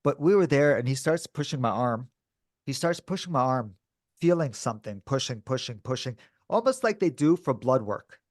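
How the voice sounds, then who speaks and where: Man, podcast co-host, casual storytelling, acts out dialogue, says dude a lot, mid pitch, dry close sound. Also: moderate pace, no room sound. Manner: animated, acts out quoted dialogue; says dude and bro often.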